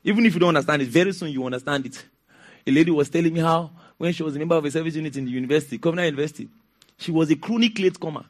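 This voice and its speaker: Nigerian pastor man preaching, high voice, lots of stories and laughs. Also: very fast. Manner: animated, storytelling with laughs and call-and-response. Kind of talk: sermon.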